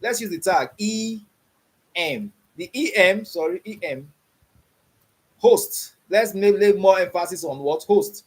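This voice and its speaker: Speaking at normal speed in a high, expressive voice, a coding instructor guides beginners through an online lesson. He keeps checking in with "you understand what I'm saying?" and asks open questions, quizzing them with "what?"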